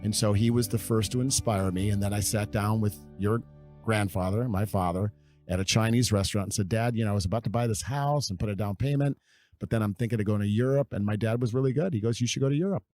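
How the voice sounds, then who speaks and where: Low-voiced man telling stories, dry sound. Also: steady tone, a little mellow, dry recording, soft background music. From California. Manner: unhurried, meandering storyteller. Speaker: guest. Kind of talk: reminiscing interview storytelling.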